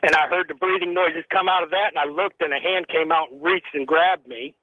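A man phoning into a late-night radio show tells his story in an earnest, steady way, pausing on ums. His voice sits high for a man. It comes through a thin phone line with no room sound. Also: no room sound. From Tennessee. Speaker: caller.

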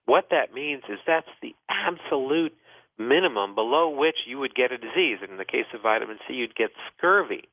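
A man's voice: medium pitch, lively intonation, normal speed, no echo. A man, a doctor hosting a call-in health show, explaining at length with many "uh" fillers. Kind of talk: call-in radio advice. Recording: thin phone-like dry sound.

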